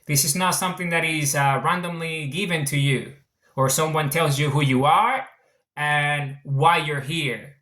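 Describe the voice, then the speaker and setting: A man's voice: fairly high pitch, steady tone, unhurried, bright, forceful tone, echoey room. Earnest man with a mixed international accent. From Venezuela. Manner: earnest, repetitive, circles back on his points. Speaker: author explaining his book. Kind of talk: casual explanatory monologue.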